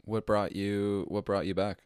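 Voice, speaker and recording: A man's voice: lowish voice, level tone, unhurried, a little mellow, clean tone, dry recording, studio quality. A man hosting a podcast, asking short follow-up questions in a casual interview. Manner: brief reactions and follow-up questions. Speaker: podcast host.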